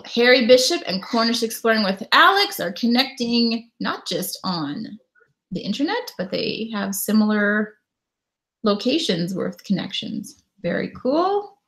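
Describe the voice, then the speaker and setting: A woman's voice: medium pitch, big pitch swings, a little slow, fairly bright tone. A Canadian woman in her thirties hosting a casual live stream from home, greeting viewers and chatting about her day. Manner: chatty, reads viewer comments aloud and greets them. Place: home in winter.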